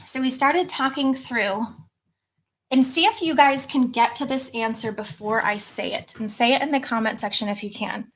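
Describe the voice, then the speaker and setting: A woman's voice: fairly high pitch, normal speed, fairly bright tone. Chatty woman coaching a live audience. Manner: chatty, reads out viewer comments. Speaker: coach hosting a live stream.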